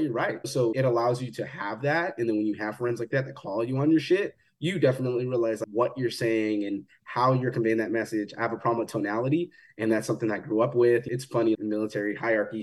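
A man's voice: medium pitch, a little mellow. A man co-hosting a podcast, talking casually and bluntly, swearing freely and acting out what others said. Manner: fast, blunt, swears freely, acts out quoted talk. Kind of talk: casual chat.

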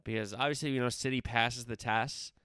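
Smooth-voiced man talking sports picks. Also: mid-range voice, steady tone, brisk, dry recording, clean studio sound. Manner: conversational, chatty with frequent fillers and rhetorical questions; grows louder and more emphatic when giving picks. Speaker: sports podcast host. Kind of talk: casual sports talk with predictions.

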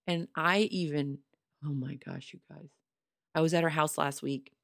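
Woman, podcast host, solo casual chat, enthusiastic, slightly hoarse, lowish voice, dry close mic. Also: steady tone, moderate pace, no echo. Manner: chatty, enthusiastic, speaks straight to listeners. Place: small home studio.

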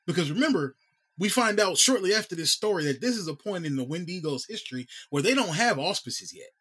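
High-voiced man, wry and skeptical. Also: animated, a little fast, a bit bright, husky. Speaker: podcast co-host. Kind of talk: casual chat.

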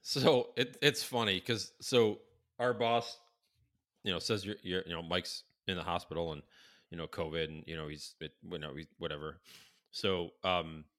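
Male co-host, casual profane storyteller, bright tone, lots of restarts. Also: deep voice, fairly even intonation, normal speed. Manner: rambling, profane, many fillers and restarts.

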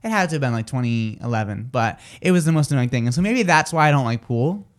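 A man's voice: mid-range voice, expressive, fast talker. Rambling, chatty male radio co-host. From New Jersey. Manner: rambling, chatty storytelling with many fillers. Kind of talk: casual chat.

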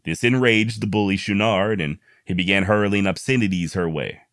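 A man's voice: sits low, moderate pace, a bit bright, dry recording, studio quality. A man telling a frontier history tale in a casual, folksy way with wry joking asides. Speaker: history storyteller, host.

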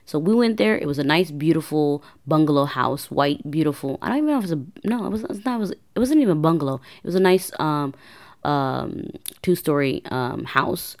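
A woman with a notably low voice hosts a personal podcast. She tells her story casually, rambling and restarting as she goes. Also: lively intonation, fairly quick. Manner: rambling, self-correcting, chatty. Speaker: podcast host.

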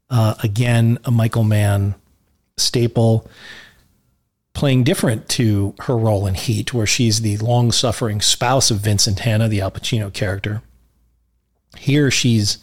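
Enthusiastic man rambling about films. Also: medium pitch. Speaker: podcast host. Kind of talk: casual film commentary.

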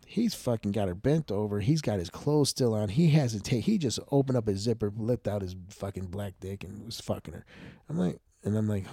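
A man's voice: fairly low pitch, expressive, a little fast, creaky, warm tone, husky, no room sound, clean studio sound. A man hosting a podcast, talking in a frank, profane, rambling casual monologue. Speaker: podcast host.

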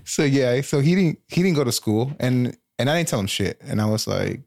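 A man in his thirties co-hosting a casual podcast chat, telling profane stories with animated retellings. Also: mid-range voice, normal speed, vocal fry, no echo, clean studio sound. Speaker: podcast co-host.

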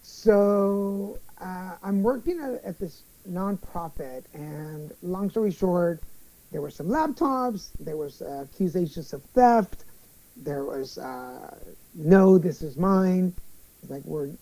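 Man, young adult, interview guest, animated storyteller, mellow dark voice, frequent restarts. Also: high-pitched, takes it slowly, low-quality recording.

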